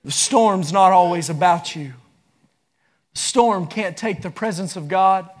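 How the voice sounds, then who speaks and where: A man preaching a sermon, building into fervent shouts. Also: high-pitched, a little slow. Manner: impassioned, rising into shouts.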